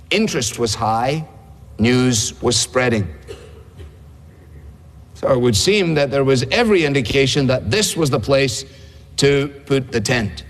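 A man preaching a sermon in a conversational way, asking rhetorical questions. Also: mid-range voice. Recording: long hall reverb.

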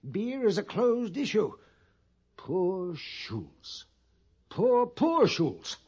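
A man's voice: on the high side, big pitch swings, slow, a little mellow, breathy edge, exaggerated voice. An actor playing a nervous, fussy male storekeeper at an army post in a 1950s radio drama, theatrical and prone to whispering. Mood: fussy, pompous. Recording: dull old radio broadcast recording.

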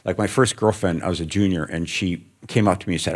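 An older man with a very low voice talks thoughtfully onstage to a live audience. He is from the American Midwest and tells stories in a reflective, gently humorous way. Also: steady tone, fast talker. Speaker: author guest. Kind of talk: onstage conversation before an audience.

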